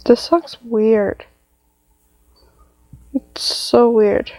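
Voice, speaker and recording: A woman's voice: on the high side, fairly even intonation, very slow, a little mellow, no echo, poor audio. Jumpy woman narrating a horror game. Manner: jumpy, exclaiming, talks to viewers. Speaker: gamer.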